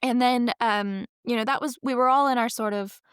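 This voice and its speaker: A woman's voice: a little high, fairly even intonation, normal speed, clear, resonant tone, no room sound, clean studio sound. A woman in her thirties hosting a podcast, talking in a chatty, rambling way and correcting herself as she goes. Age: 30s. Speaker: podcast host. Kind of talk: casual podcast intro.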